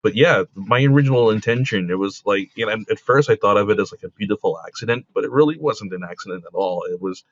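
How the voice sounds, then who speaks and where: A man, a comic book creator, telling stories casually in an interview, full of fillers and quick laughs. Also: fairly low pitch, no room sound. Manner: rambling, with many fillers like "like" and "you know". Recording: dull lo-fi dry recording.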